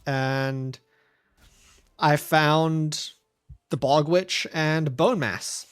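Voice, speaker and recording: Man, game streamer, casual rambling chat, slightly higher voice. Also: steady tone, drawn-out words, clean tone. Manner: rambling, chatty, talks softly to his pet. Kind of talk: casual chat while gaming.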